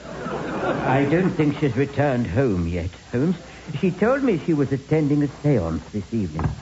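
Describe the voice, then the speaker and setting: An actor playing a bumbling, genial Victorian doctor sidekick in a comic radio play. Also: male voice, mid-range voice, wildly swooping pitch, measured pace, a crowd in the background, noisy background. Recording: dull lo-fi recording.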